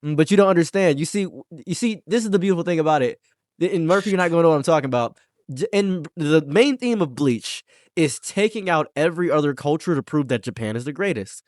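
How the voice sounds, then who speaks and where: Brief: lively, slightly high male host, dry close mic, excitable stammering ranter. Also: fast talker, no echo. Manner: animated, laughing, stammering restarts. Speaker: podcast host. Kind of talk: casual commentary chat.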